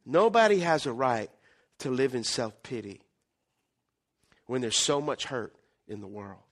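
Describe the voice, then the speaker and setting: A middle-aged male pastor preaching an animated sermon, acting out little scenes and swinging between loud and quiet. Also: mid-range voice, measured pace.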